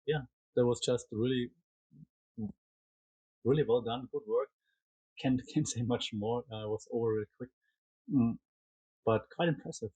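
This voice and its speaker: A German-accented man talks through recent fights in a loose, rambling solo chat, stopping and restarting often. His voice is husky and sits at a middle pitch. The sound is dry and close, with no room around it. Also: darkish tone, no room sound, low-quality recording. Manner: chatty, rambling, frequent fillers and restarts. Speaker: MMA commentary podcaster. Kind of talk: casual solo fight recap.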